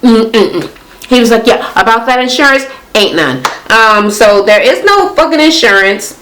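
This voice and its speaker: A woman's voice: a little high, animated, a little slow, fairly bright tone, slight background noise, poor audio. A woman hosting a casual reality TV recap, talking bluntly and profanely as she retells scenes in quoted voices.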